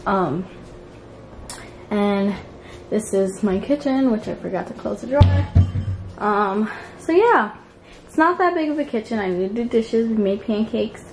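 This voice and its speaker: A woman's voice: medium pitch, lively intonation, a little slow, pauses often, faint music behind, low-quality recording. A woman giving a casual tour of her home, filming on a handheld phone and rambling with ums and small laughs. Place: home apartment, indoors. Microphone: handheld phone camera while walking.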